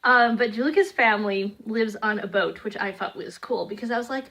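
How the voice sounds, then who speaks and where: A young woman vlogging a casual review of cartoon episodes, chatty and animated, slipping into playful voices. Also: medium pitch, normal speed. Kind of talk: casual reaction chat.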